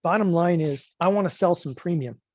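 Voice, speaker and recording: A man teaching options trading in an animated lecture, emphatic and joking, often checking in with the listener. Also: on the high side, brisk, no room sound. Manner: emphatic, joking, keeps asking "okay?". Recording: dull lo-fi dry recording.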